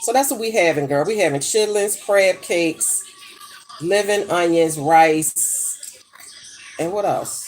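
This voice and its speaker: A woman's voice: on the low side, takes it slowly, slight background noise. A middle-aged woman chatting casually while she cooks in her home kitchen, brash and profane as she tells gossipy stories. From United States. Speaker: vlogger. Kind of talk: casual chat while cooking.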